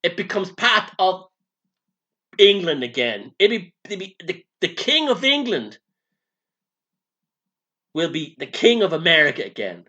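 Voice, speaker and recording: A man's voice: high voice, sing-song, measured pace, long pauses, sharp tone, dull audio, exaggerated voice. A man putting on a cussing camp showman spirit. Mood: preachy. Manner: profane, camp and boastful. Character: brash flamboyant male showman spirit, foul-mouthed. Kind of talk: comic channeling sketch.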